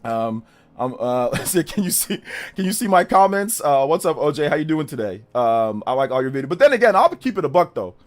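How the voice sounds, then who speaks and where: A man's voice: on the high side, very animated, a little fast. A middle-aged man streaming live, combatively mocking viewers in his chat and laughing them off.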